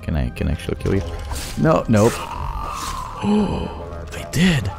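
A young man giving excitable, profane let's play commentary, taunting enemies as he plays. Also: fairly low pitch, unhurried, vocal fry. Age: young adult. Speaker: gaming channel host. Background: game music.

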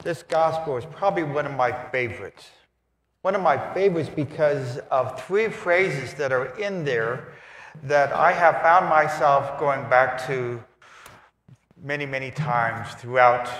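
Man, priest, animated homily, acting out voices, long church reverb. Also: medium pitch, measured pace. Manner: animated, acts out voices and asides. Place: large church.

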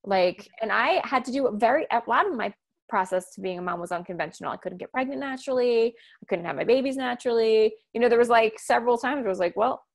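Fast, assertive woman coach. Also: on the high side, gravelly. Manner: loud, fast-talking, assertive and direct. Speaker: guest, communication coach and author. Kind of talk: conversational podcast interview.

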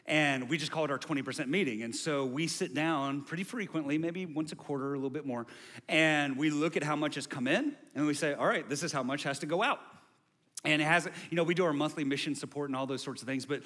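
Man, pastor preaching, slightly high voice, repetitive rising refrains, long hall reverb. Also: quick pace. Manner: building to loud repetitive refrains. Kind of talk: sermon.

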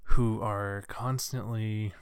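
A man's voice: lowish voice, fairly even intonation, slow pace, clear, resonant tone, no room sound, studio quality. A young man hosting a solo podcast, ranting with many restarts and fillers. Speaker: podcast host.

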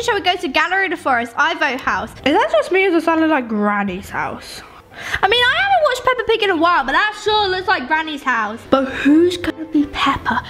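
A young woman giving excitable gaming commentary, shrieking and pleading with characters on screen. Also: sits high. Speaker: gaming YouTuber. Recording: game music behind voice. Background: music.

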